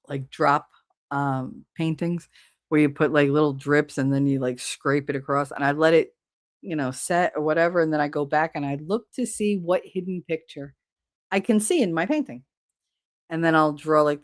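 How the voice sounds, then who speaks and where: A woman's voice: low-pitched, no echo, studio quality. A middle-aged woman hosting a livestream, talking in a rambling, candid way with lots of fillers and the odd swear word. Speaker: livestream host. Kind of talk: casual chat.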